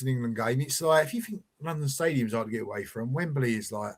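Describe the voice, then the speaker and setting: Rambling, teasing football podcast host. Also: male voice, medium pitch, fast talker. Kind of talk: casual football chat.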